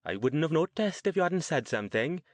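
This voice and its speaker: A man's voice: fairly high pitch, very animated, fairly quick, no echo, pitched above the performer's own voice. A man voicing a prim woman of sixty. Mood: puzzled. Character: woman of about sixty, a reserved mage.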